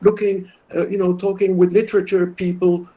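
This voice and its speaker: A man's voice: high-pitched, little pitch movement, a little fast, mellow, rough recording. A man giving a guest lecture, answering questions in a hesitant, thoughtful way and often repeating his words. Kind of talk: academic Q&A answer.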